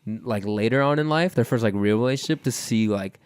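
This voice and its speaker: A man's voice: mid-range voice, fast talker, darkish tone, smooth, no room sound, clean studio sound. A young man co-hosting a casual podcast chat, rambling with lots of fillers and playful mimicry. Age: young adult. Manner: rambling, filler-heavy, mimics voices for laughs. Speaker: podcast co-host.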